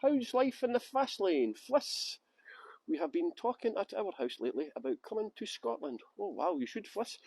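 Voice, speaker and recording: Man, from West Yorkshire, tour guide, live-streamed walking tour, chatty and joking, greets viewers by name, high voice, dry sound. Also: sing-song, moderate pace, creaky, darkish tone, dry recording. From Halifax, West Yorkshire, England. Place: outdoors on city streets.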